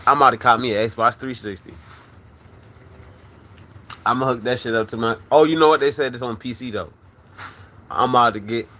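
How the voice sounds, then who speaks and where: Rowdy, tipsy male stream host. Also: medium pitch. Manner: loud, rowdy, laughs often, shouts catchphrases. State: slightly drunk. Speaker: livestream host. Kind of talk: casual livestream chat.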